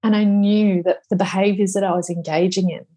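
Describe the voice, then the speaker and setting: A woman in her thirties, a podcast guest speaking slowly and reflectively, at times emotional. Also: mid-range voice, steady tone, dark tone, breathy edge. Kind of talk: conversational interview.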